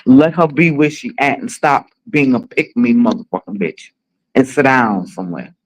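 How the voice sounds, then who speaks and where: A woman's voice: extremely low pitch, normal speed, low-quality recording. A woman in her forties hosting a livestream, chatting casually with blunt, profane, dramatic storytelling. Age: 40s. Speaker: livestream host.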